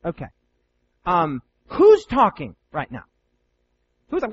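A man preaching a sermon in an animated, playful way, often asking his listeners questions. His voice sits high for a man and swings widely in pitch. The recording sounds slightly dull, with faint noise behind it. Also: slow pace, long pauses, breathy edge. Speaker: preacher teaching Bible students.

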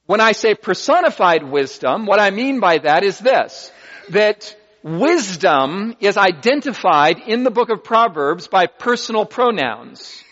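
A man preaching a sermon, teaching deliberately and reading scripture aloud with comments, recorded dull and lo-fi in a hall. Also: high voice, sing-song, a bit bright.

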